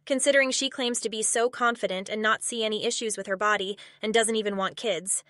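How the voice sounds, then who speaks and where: A woman's voice: mid-range voice, a little fast, dry recording, clean studio sound. Snarky woman commentary host. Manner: snarky, deadpan. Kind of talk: sarcastic commentary narration.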